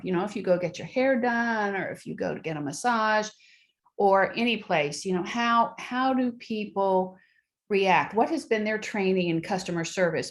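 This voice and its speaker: Chatty middle-aged woman giving parenting advice. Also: medium pitch. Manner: conversational, acts out quoted dialogue. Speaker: parenting speaker. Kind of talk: motivational talk to an audience.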